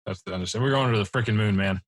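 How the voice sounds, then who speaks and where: A man co-hosting a casual podcast, relaxed and jokey as he thanks a guest and chats. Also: lowish voice, racing. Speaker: podcast co-host.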